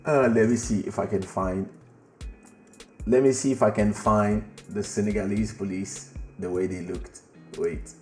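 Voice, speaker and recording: In a roomy-sounding space with faint background music, a podcast host with a lowish voice rambles through a casual story at a measured pace. He gets animated, curses, laughs, and talks to a friend who's off-mic.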